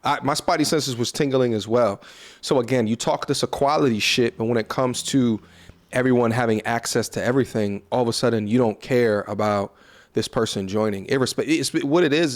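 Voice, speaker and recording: A man hosting a casual reaction commentary, blunt and profane as he lectures. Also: medium pitch. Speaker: commentary host.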